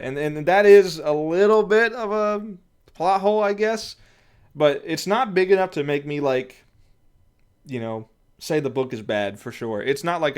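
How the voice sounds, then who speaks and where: A man's voice: on the high side, clear, resonant tone. A man giving a casual spoken review, rambling and thinking aloud with lots of fillers and frequent chuckles. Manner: chuckles often while talking. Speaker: comic book reviewer.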